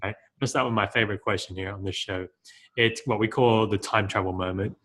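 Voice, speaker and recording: A man's voice: fairly low pitch, fairly even intonation, brisk, fairly bright tone. A man hosting a podcast interview, enthusiastic and casual, often saying "man". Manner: enthusiastic, says "man" a lot. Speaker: podcast host.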